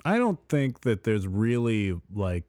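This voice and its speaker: A laid-back man chatting on a podcast, recorded dry and close with no room sound. His pitch moves in lively swings even in short replies. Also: unhurried, no echo. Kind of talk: casual podcast chat.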